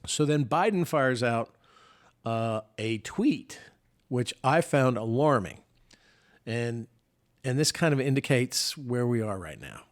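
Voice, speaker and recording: A man of middling pitch co-hosting a casual political podcast. He talks in a loose, conversational way, often restarting his sentences. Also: sing-song, takes it slowly. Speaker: podcast co-host, former senator.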